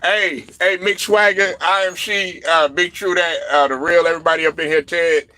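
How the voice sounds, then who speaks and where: A man hosting a casual sports talk stream, rambling loosely with lots of fillers and getting loud when he's riled up. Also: a little high, fairly even intonation, moderate pace. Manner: loose, rambling, lots of fillers and "you know what I'm saying". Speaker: livestream host reading chat.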